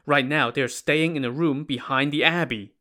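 A man voicing starving, frightened old monks who plead in a soft, tired way. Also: on the high side, normal speed. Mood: urgent. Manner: pleading, weary.

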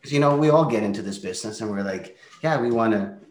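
A man's voice: fairly low pitch, expressive, rapid-fire. A man who leads a real estate team, telling his story in a candid, reflective way during a casual interview. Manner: candid, reflective, drops into quoted asides. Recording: roomy echo.

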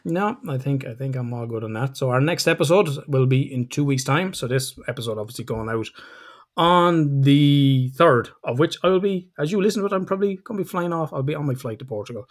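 Male podcast host, quick and chatty, swears freely. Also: mid-range voice, lively intonation. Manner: chatty, swears freely, fast outro plugs. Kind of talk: casual podcast chat.

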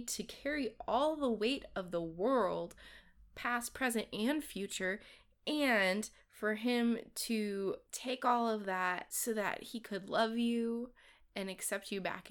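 A woman hosts a faith podcast, speaking devotionally in an earnest, encouraging way with casual fillers. Her voice is medium-pitched and clean.

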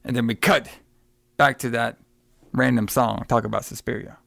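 A man in an offhand podcast chat, talking at a middling pitch. He retells the story in a loose, rambling way, swears freely and slips into quick voices for the characters. His voice sounds close and dry, with no room around it. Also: steady tone, creaky, fairly bright tone, no room sound. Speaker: podcast co-host. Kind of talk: casual film review chat.

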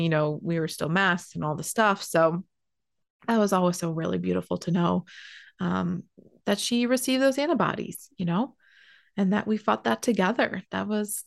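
A woman's voice: lowish voice, gravelly, no room sound, studio quality. Young female podcast host, chatty and heartfelt, talks in loose run-on sentences with lots of fillers. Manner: chatty, emotional, many fillers and restarts. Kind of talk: casual personal storytelling.

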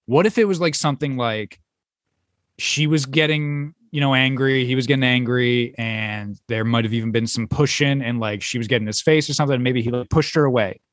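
A man's voice: mid-range voice, brisk, no echo. A man co-hosting a podcast, talking things over in a chatty, skeptical way. His voice sits mid-range, and the recording is dry and close. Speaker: podcast co-host. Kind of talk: casual chat.

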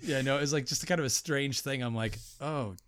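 A man co-hosts a loose movie chat, swearing freely and wandering through his thoughts. His voice sits at an ordinary pitch, caught on a dry close mic with no room sound. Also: fairly quick, no room sound. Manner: profane, rambling, animated. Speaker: podcast co-host. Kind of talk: casual film discussion.

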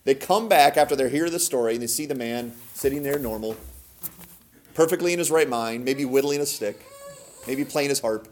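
A man hosting a podcast, giving a casual Bible teaching in a conversational way, asking his listeners questions and swinging between emphatic and soft delivery. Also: mid-range voice, normal speed, slight background noise. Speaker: podcast host teaching scripture.

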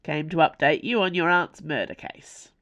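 A woman reading aloud voices a gruff, sheepish police sergeant who talks in plain colloquial phrases. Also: low voice, normal speed, fairly bright tone, no echo, highs cut off. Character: gruff, sheepish, bashful working-class police sergeant, man. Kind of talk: audiobook character voice.

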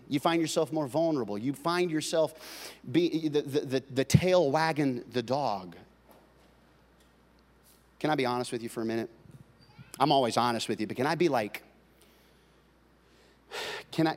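A male pastor preaching a sermon, swinging between loud, driving passages and quiet, confiding talk with his congregation. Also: mid-range voice. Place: large church hall. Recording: long hall reverb.

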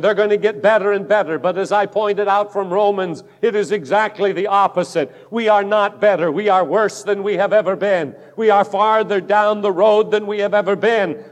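A man's voice: sits high, in a large hall. A man preaching a sermon as pastor, emphatic and declaiming, quoting scripture with force.

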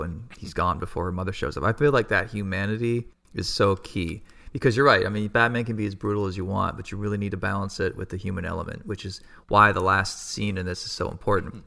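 A man with a lowish, gravelly voice chats on a podcast. He agrees readily and jumps in with his own enthusiastic opinions. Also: sharp tone. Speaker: podcast co-host. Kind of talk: casual chat.

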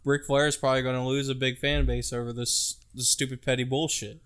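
A man on a casual wrestling podcast, adding quick, teasing quips. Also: mid-range voice, little pitch movement, a bit bright, clear, resonant tone.

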